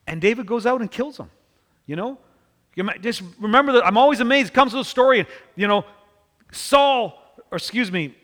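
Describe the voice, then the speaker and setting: A man preaching a sermon, telling the story in an animated way and acting out the people in it. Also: sits high, in a large hall. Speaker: pastor.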